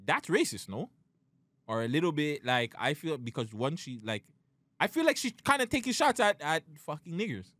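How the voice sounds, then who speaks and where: A man's voice: fairly high pitch, big pitch swings, moderate pace, fairly bright tone, dry recording. Heated young man ranting. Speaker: podcast co-host. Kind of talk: casual podcast chat.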